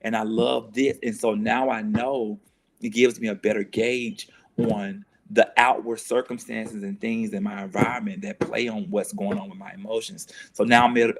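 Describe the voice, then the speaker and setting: Earnest man talking through his feelings. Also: lowish voice. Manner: earnest, self-questioning, repeats phrases. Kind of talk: reflective conversational talk.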